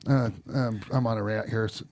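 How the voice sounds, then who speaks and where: A man's voice: on the low side, steady tone, normal speed, darkish tone. A man hosting a podcast in casual chat, ranting heatedly and swearing often. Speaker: podcast host.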